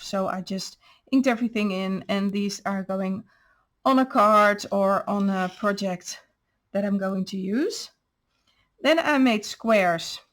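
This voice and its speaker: A woman hosting a craft channel, patiently explaining step by step how she made each paper piece. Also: mid-range voice. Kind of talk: crafting show-and-tell.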